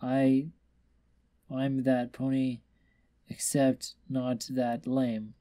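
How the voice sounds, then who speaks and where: A man reading aloud and voicing a tipsy, weepy young female pony, raising his voice higher for her. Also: completely flat delivery, extremely slow, mellow. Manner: slurred, self-pitying, stammering.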